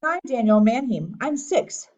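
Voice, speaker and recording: A woman voicing a fussy six-year-old boy who whines in a high voice, in a storybook reading. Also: animated, a little slow, a little mellow, distant mic, lo-fi sound. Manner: whiny, pitched up high.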